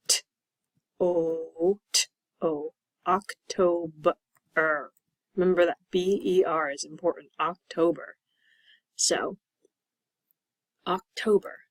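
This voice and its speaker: Woman ESL teacher, patient, slow repetitions, dry close sound. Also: fairly low pitch, no echo, rough recording. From Pennsylvania. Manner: patient, drawn-out repetition of words. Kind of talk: slow, clear classroom explanation.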